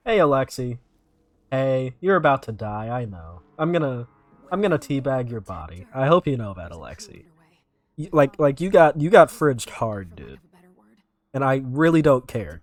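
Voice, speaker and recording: A young man from North Carolina hosts casual YouTube reaction commentary in a medium-pitched voice, rambling and correcting himself, with sudden loud outbursts.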